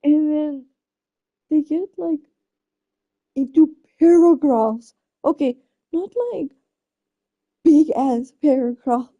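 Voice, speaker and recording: A woman's voice: high voice, takes it slowly, long pauses, phone-quality sound. A woman live streamer chatting casually, flustered and exclaiming often as she laughs through her reactions. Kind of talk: casual chat.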